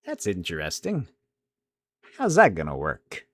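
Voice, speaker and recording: A man's voice: low voice, wildly swooping pitch, unhurried, fairly bright tone, no room sound. A young man hosting a casual solo podcast, thinking aloud, rambling and swearing casually as he answers chat questions. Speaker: podcast host.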